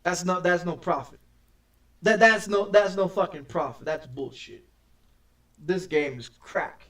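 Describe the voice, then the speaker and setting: Profane, high-voiced ranting male streamer. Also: measured pace, a bit bright, distant mic. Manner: profane, ranting, stammers and repeats words. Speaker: game streamer. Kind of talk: casual gameplay commentary.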